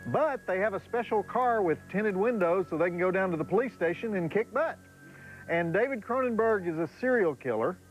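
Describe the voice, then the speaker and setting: Drawling and sardonic, a middle-aged horror movie night host trades wisecracks and chuckling asides in the style of a TV movie presenter. His voice is high-pitched, and the sound is lo-fi.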